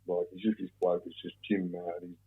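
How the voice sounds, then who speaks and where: A man's voice: deep voice, flat delivery, fairly quick, slightly rough. A man in his fifties with an Australian accent, a podcast guest in casual talk, blunt and swearing often, rambling with many restarts. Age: 50s. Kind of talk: casual conversation. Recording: tinny phone-like sound.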